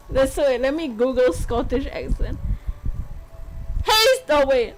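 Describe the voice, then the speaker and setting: A woman's voice: high voice, lively intonation, takes it slowly, faint music behind, low-quality recording. A young woman streaming a game, chatting casually in a giggly, playful way. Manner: giggly, playful, often laughing.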